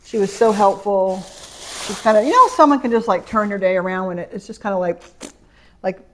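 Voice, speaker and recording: Middle-aged woman, rambling home vlogger, mid-pitched, chatty storyteller. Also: normal speed, slight background noise. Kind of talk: casual haul vlog chat. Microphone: camera mic.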